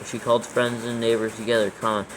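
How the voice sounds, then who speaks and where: A man's voice: mid-range voice, little pitch movement, quick pace, slight background noise, low-quality recording. A man dictating scripture aloud for proofreading, steadily reading the text and naming every comma, capital and quote mark.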